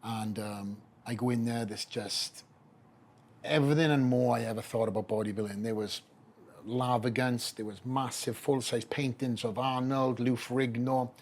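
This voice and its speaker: This podcast guest is a middle-aged bodybuilder from Wales with a Welsh accent and a mid-range voice at normal speed. He tells his story animatedly, acting out the voices of anyone he quotes.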